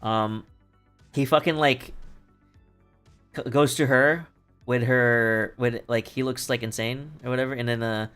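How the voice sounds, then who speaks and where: A man's voice: mid-range voice, fairly even intonation, measured pace, pauses often, a bit bright, smooth. A man streaming from home, recapping a play in casual chat, rambling and swearing with lots of fillers and restarts. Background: faint background music.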